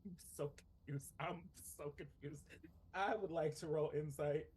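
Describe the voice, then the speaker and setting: A man casually playing his character in a tabletop game, chatty and animated. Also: a little high, normal speed, slight background noise. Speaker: player.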